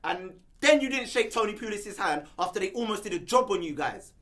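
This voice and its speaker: A man's voice: high voice, animated, fairly quick, a bit bright. A man ranting in heated football banter on a panel show. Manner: ranting, exasperated. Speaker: panel regular.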